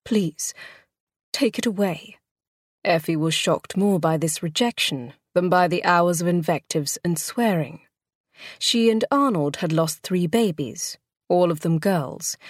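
Casting: female audiobook narrator, lower register, dry close studio sound, measured expressive storytelling. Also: dry recording. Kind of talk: scripted narration.

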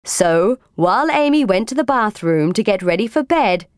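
A woman reading a children's storybook aloud in a gentle, unhurried manner. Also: medium pitch, animated, no room sound, studio quality. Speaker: audiobook reader.

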